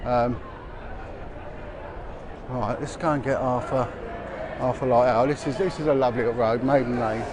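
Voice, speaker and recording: A man's voice: mid-range voice, steady tone, normal speed, long pauses. A middle-aged man, chatting and rambling as he walks through busy city streets for a livestream, with lots of restarts and fillers. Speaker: vlogger. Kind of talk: walking livestream commentary. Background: passers-by and street noise.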